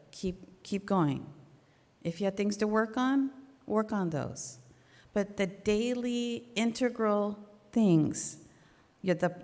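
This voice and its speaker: A middle-aged woman giving an informal, earnest sermon talk in a conversational way. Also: medium pitch. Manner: earnest, conversational, with small restarts. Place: church hall. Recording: long hall reverb.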